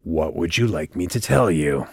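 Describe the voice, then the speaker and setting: A man reading the lines of a calm, evasive male character who just woke up, in an audiobook. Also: vocal fry, slightly rough, dry recording, clean studio sound, exaggerated voice. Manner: low, unhurried and evasive. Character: calm, cryptic, drowsy male traveler.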